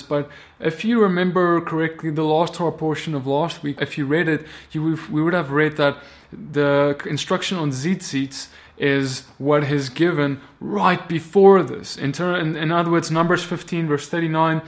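A man teaching a Torah portion in a sermon, talking animatedly and often acting out the biblical figures' words in character. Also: on the high side. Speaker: Bible teacher.

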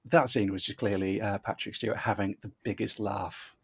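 A man's voice: lowish voice, steady tone, normal speed, crowd noise. A man hosting a podcast discussion, wry and dryly joking, with some "um"s. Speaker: podcast host. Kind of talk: casual chat.

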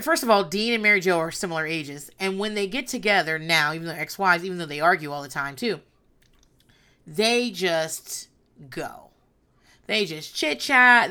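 A woman's voice: lowish voice, sharp tone, smooth. A woman in her thirties hosting a solo podcast, telling stories bluntly and profanely with a rambling, candid delivery. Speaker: podcast host.

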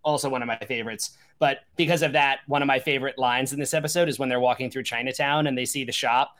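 A man's voice: medium pitch, steady tone, fast, fairly bright tone. A man from Long Island talking as a guest on a podcast, in a loose, rambling way with many restarts. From Long Island, New York. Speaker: guest musician. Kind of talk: casual podcast chat.

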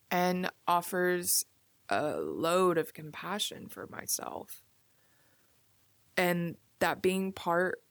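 A young woman hosting a solo podcast, musing casually with many "like"s and soft asides. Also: on the low side, dry recording. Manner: casual, musing, filler-heavy with frequent "like". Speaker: podcast host. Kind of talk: reflective solo podcast monologue.

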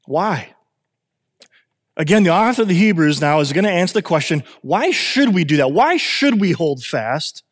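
Animated preacher in a reverberant hall. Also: male voice, fairly high pitch, moderate pace. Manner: animated, conversational preaching with restarts and jokes. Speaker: pastor. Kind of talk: sermon.

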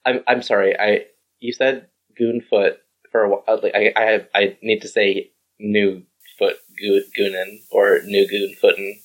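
Husky-voiced joking podcast co-host. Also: low voice, flat delivery, rough recording. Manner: joking, quick apologetic asides. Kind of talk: casual chat.

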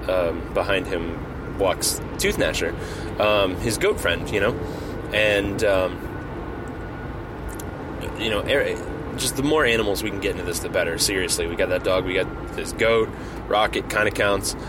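A man hosting a comedy podcast, rambling playfully through a made-up story with plenty of fillers and restarts. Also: deep voice. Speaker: podcast host. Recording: noisy home recording.

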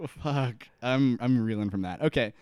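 A man's voice: medium pitch, normal speed, a little mellow, clean tone, dry recording, clean studio sound. A man co-hosting a podcast, casually recapping an episode, laughing, swearing and acting out the characters' lines. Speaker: podcast co-host.

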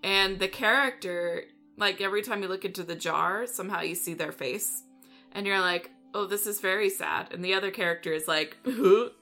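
On a casual podcast panel, a woman with a medium-pitched, sharp-toned voice rambles through a silly story, giggling and slipping quickly into acted-out voices. Soft music plays in the background.

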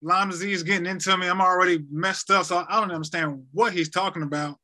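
Man, 30s, podcast guest; high, very bright voice; halting, repetitive retelling. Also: steady tone. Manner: halting, repeats words, retells quotes. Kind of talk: emotional personal story.

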